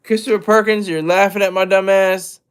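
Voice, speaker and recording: A high-voiced man hosts a laid-back livestream, rambling energetically, restarting sentences and constantly turning aside to address the chat. His tone stays steady and smooth, and his pace is moderate.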